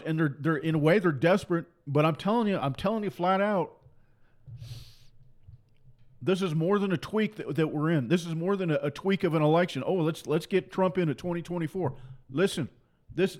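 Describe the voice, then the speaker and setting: A man preaching a fiery political sermon to pastors, forceful and repetitive, full of mocking rhetorical questions. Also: on the high side, moderate pace, pauses often.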